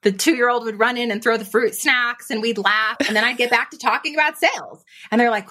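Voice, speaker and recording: A woman guest on a podcast, a business coach, telling her story in a lively conversational way and acting out her own thoughts in quotes. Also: fairly high pitch. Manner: animated, fast-flowing, quotes her own inner voice.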